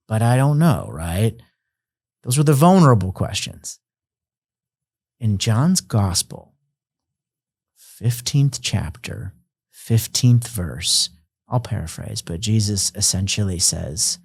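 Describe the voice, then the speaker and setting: A man's voice: fairly low pitch, animated, slow pace, gravelly, pauses often, darkish tone, husky, dry recording, studio quality. A man sharing his personal testimony as a podcast guest, earnest and reflective, at times emotional.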